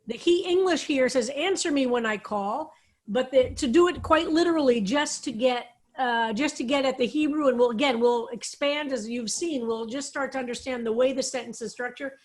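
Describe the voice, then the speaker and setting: A woman rabbi leading an online psalm study, explaining Hebrew words and roots on a video call. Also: sits high. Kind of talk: online Bible study class.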